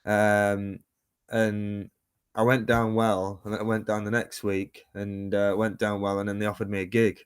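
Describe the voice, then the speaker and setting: A man's voice: on the low side, level tone, unhurried, clean tone, dry recording, clean studio sound. A man in his thirties, a musician and painter, talking casually in an interview over a video call, rambling with many fillers and restarts. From United Kingdom. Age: 30s.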